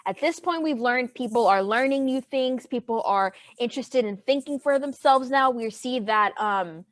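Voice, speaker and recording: A woman's voice: fairly high pitch, normal speed, dry recording. A woman history teacher giving an online class lecture over a video call, chatty and playful with her students.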